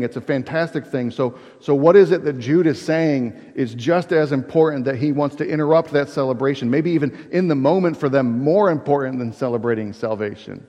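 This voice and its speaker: A man's voice: mid-range voice, a little mellow. A man preaching a sermon as a pastor, earnest, asking rhetorical questions and often restarting his phrases. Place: church sanctuary. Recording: dull reverberant hall recording.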